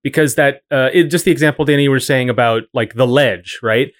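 Male co-host, quick and thoughtful, casual chat. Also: mid-range voice.

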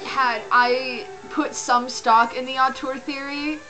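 A woman's voice: sits high, fairly even intonation, slow pace, bright, forceful tone, poor audio. A woman co-hosting a podcast, chatting casually about a film, with mock-serious irony and frequent laughs. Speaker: podcast co-host. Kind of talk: casual chat reacting to a film. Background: film music playing.

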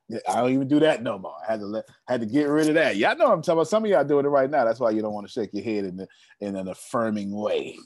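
A fast-talking young man with a fairly low, expressive, darkish voice leads a members' meeting as a motivational speaker. His storytelling is preachy and emphatic, directed at the listeners, and the studio recording is dry and clean.

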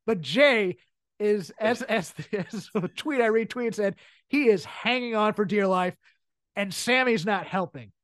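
A woman's voice: medium pitch, animated, a little slow, dry recording. A woman talks animatedly in a casual chat and breaks into laughter often. Her voice sits mid-range. The sound is dry and close. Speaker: podcast co-host.

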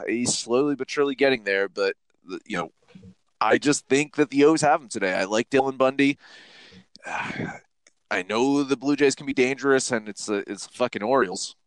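A man's voice: medium pitch, smooth, dry recording. A man co-hosting a sports betting podcast, talking through his picks casually and swearing often.

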